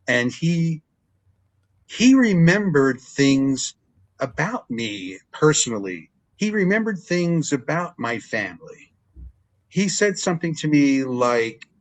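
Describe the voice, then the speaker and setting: A little slow and mid-range in pitch, an older man who announces in the wrestling ring spins stories during a casual interview. He's a lively teller who acts out the lines he recalls.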